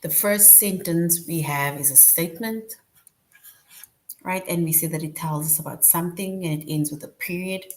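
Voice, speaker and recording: A woman with a slightly low voice walks young students through a grammar lesson. She explains patiently and keeps checking in with a quick "right?". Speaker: teacher.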